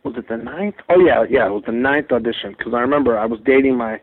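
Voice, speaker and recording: A comedian calling in as a guest, telling animated, profane anecdotes and acting out the dialogue of others. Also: male voice, medium pitch, fast. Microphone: phone. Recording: tinny phone line.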